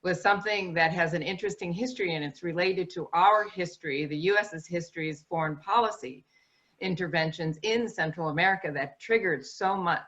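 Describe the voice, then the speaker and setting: A woman adding her own reflections at a talk, in a measured, thoughtful way. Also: fairly low pitch, fairly bright tone. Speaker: co-speaker. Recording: dull lo-fi recording.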